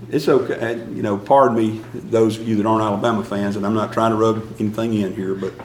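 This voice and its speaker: A man's voice: on the low side, steady tone, brisk, darkish tone, roomy sound, slight background noise, low-quality recording. A man preaching a conversational sermon as a church elder, folksy and self-deprecating, chuckling often.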